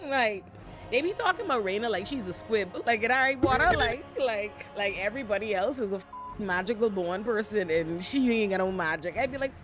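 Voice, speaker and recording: A woman's voice: mid-range voice, a little fast, soft background music. Sassy, profane woman recapping a show. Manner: animated, sassy and profane, with lots of asides. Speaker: recap host. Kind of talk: casual commentary recap.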